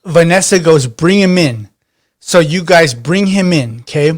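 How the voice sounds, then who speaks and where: A man runs a tabletop role-playing session as game master. His voice sits a bit high, and he rambles along with plenty of restarts and fillers. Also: expressive, measured pace.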